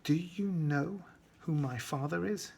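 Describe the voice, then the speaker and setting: A man's voice: fairly high pitch, takes it slowly, gravelly, husky, voice pushed up, full character voice. A man voicing a cheeky schoolboy who tries to bluff his teacher, insistent and raising his voice. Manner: insistent, then yelling in alarm.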